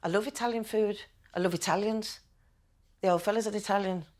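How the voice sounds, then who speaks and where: A woman's voice: medium pitch, steady tone, fairly quick, darkish tone. A woman, a contestant chatting and joking as she cooks in her home kitchen. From West Midlands, England. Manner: chatty, exclamatory, jokey. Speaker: contestant cook.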